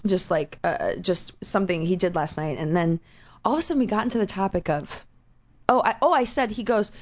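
A middle-aged woman chatting casually and telling an animated story, acting out what other people said. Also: medium pitch, fairly quick. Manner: animated storyteller, acts out quoted voices. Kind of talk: casual chat. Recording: slightly dull lo-fi sound.

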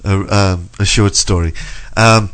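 A man's voice: lowish voice, fairly even intonation, a little slow, a bit bright. A man hosting a talk show in casual banter, stumbling over his words and chuckling as he tells jokes. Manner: stumbling, chuckling joke-teller. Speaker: radio show host.

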